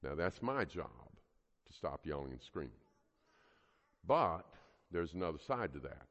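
A man's voice: a bass voice, very animated, unhurried, pauses often, fairly bright tone, lo-fi sound. A man teaching a parenting class to a live group, earnest and emphatic, often putting questions to the audience. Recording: long hall reverb.

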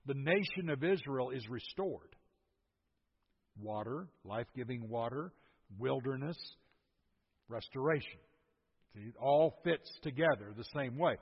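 A man's voice: medium pitch, lively intonation, unhurried, pauses often. An older man preaching a sermon, explaining scripture verse by verse with emphatic asides. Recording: husky voice, dull lo-fi sound, long hall reverb.

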